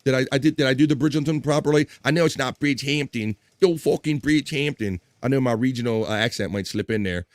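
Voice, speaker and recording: A man's voice: mid-range voice, fairly even intonation, very fast, hardly any pauses, no room sound. Chatty male livestream host. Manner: chatty, reads viewer comments aloud. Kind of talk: casual livestream chat.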